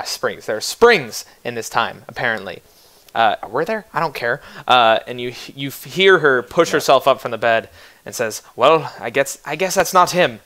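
A man serves as game master for a tabletop game, narrating scenes loosely and casually. He jokes a lot and restarts his phrases often. His voice is medium-pitched, pushed and bright.

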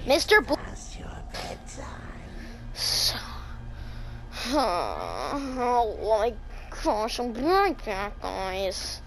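A woman commentating her horror game playthrough, excitable and jumpy, screaming when startled and talking to herself and the game. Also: on the high side, extremely slow, long pauses, slight background noise, rough recording. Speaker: gaming channel host. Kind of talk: let's play commentary.

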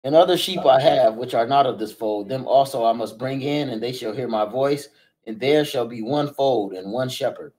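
Man reading scripture aloud, steady. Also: medium pitch, moderate pace, poor audio. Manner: steady, plain King James reading. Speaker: scripture reader.

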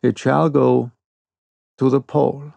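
A man reading the part of a stern, proud older sea captain in an audiobook, with a cold, quiet and ironic manner. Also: mid-range voice, flat delivery, slow, vocal fry, no echo.

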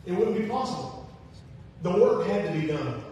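A man's voice: sits high, very animated, moderate pace, dark tone. A man preaching a sermon as pastor, in a conversational style that repeats phrases and acts out the voices of people he quotes. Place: church sanctuary. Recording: echoey church hall, distant mic, faint hiss.

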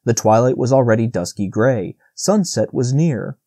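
A man narrating a classic children's novel as an audiobook in a steady, measured reading. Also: mid-range voice, husky, no room sound, clean studio sound. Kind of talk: scripted narration.

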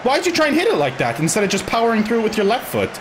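A young man giving loose live commentary on his own football video game, swearing and shouting at his players. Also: high voice, wildly swooping pitch, very fast, background noise. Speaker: gaming video creator.

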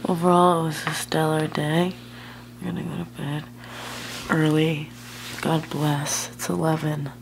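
A woman's voice: sits low, little pitch movement, unhurried, gravelly, a little hiss or hum. A woman with a slight lisp from a retainer, chatting and giggling casually in a vlog at a friend's home at night. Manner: giggly, laughs between lines. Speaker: vlogger. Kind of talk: casual travel vlog chat.

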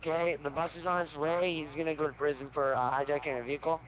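A man casually explaining and joining an improvised game role-play, with halting fillers, on a noisy home recording. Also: fairly high pitch, little pitch movement. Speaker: game player and commentator.

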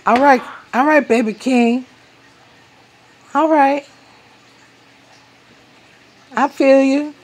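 Woman, playful cooing at a baby, slow and sing-song, noisy home recording. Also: sits high, fairly even intonation. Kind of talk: casual home video.

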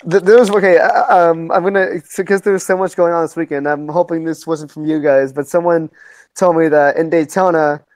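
A man's voice: a little high, steady tone, darkish tone, no echo. A man co-hosting a casual podcast chat about racing, talking with many restarts and repeated words. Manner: fast, stammering, many restarts. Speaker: podcast co-host.

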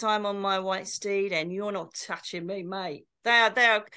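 A woman's voice: medium pitch, pushed and bright. A woman co-hosting a casual chat, telling stories animatedly and slipping into comic impressions. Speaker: co-host.

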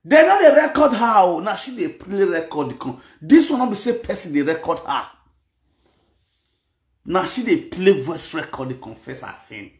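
A man's voice: a little high, expressive, moderate pace, darkish tone. A man speaking in a Nigerian Pidgin accent, giving mocking, scolding gossip commentary and repeating lines for emphasis. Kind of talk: ranting commentary. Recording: echoey room.

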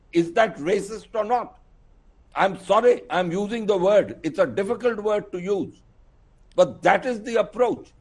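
A man with an Indian accent arguing forcefully as a panelist in a televised news debate, firing off rhetorical questions. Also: high-pitched.

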